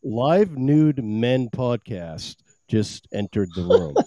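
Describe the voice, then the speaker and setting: A man hosting a podcast in casual chat, an animated storyteller who laughs often. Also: medium pitch, takes it slowly, dry recording. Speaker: podcast host.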